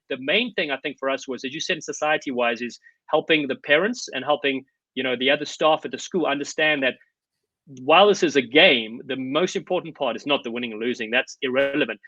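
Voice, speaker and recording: A South African man speaks quickly and eagerly, his voice bright and forward as he tells stories in an interview. The sound is dry and a little dull, like slightly lo-fi remote audio. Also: medium pitch, dry recording. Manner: eager, rapid storytelling with many fillers. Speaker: podcast guest, rugby commentator. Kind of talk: conversational interview.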